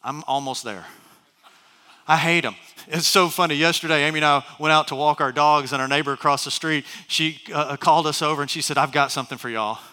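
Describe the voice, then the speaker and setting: A man's voice: a little high, fairly even intonation, a little fast, bright, forceful tone, long reverb tail. A middle-aged man preaching a sermon as pastor, telling stories with many restarts and asides. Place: large church hall.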